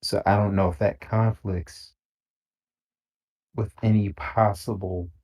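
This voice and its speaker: A man's voice: on the low side, steady tone, slow, a little mellow. A man co-hosting a gaming stream, chatting casually in a laid-back, slangy way with lots of fillers. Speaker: podcast co-host. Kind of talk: casual chat while gaming.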